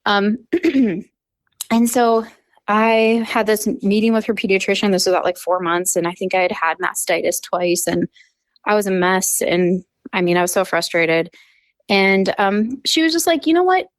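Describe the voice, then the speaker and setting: A dentist in her thirties, appearing as a podcast guest, tells a personal story in casual conversation with a mid-range voice at normal speed and no echo. She's chatty, acting out what other people said with lively quotes.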